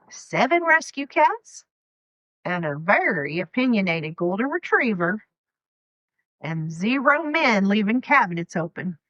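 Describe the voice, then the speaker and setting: A woman's voice: mid-range voice, no room sound, lo-fi sound. Sarcastic Southern woman in her fifties. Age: 50s. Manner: sarcastic, animated storytelling with mock quotes. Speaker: podcast host. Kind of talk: sarcastic comedic monologue.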